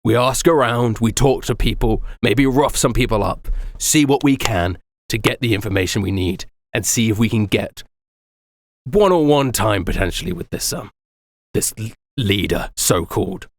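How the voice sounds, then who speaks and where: A man's voice: fairly low pitch, expressive, normal speed, no room sound. A man running a tabletop game as game master, narrating casually with laughter and swearing.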